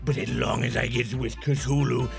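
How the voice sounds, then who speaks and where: A man voicing an old sea captain pirate, talking in a loud, drawling bluster. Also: medium pitch, fairly even intonation, moderate pace, creaky, faint music behind, voice pushed down.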